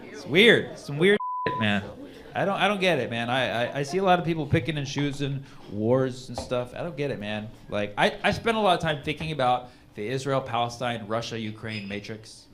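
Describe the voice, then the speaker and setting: A man's voice: medium pitch, expressive, brisk, a bit bright. Rambling, chatty male stand-up comedian. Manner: rambling conversational, lots of "like" and "man". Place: comedy club stage. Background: audience laughter.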